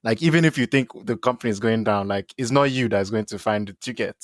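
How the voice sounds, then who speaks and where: A man's voice: on the low side, fast, dry recording. A man co-hosting a podcast, chatting animatedly about a TV episode, often laughing and acting out quotes. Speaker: podcast co-host. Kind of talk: casual TV recap chat.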